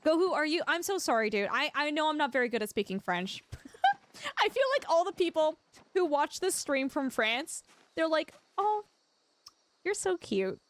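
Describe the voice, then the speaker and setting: High-voiced bubbly woman streamer. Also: animated, moderate pace, fairly bright tone, slight background noise. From Canada. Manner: bubbly, giggly, chatty with viewers. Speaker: livestream gamer. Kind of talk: casual livestream chat.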